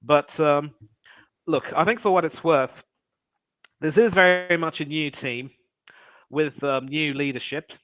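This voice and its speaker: A man talking as a guest on a sports chat, giving measured analysis hedged with fillers. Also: on the high side, a bit bright, clean tone, no echo, rough recording. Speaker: guest cricket commentator. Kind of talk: casual sports podcast chat.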